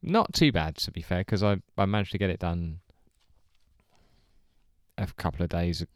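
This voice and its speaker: A man's voice: low-pitched, expressive, normal speed, dry recording. A man co-hosting a podcast, chatting casually and chuckling often. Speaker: podcast co-host.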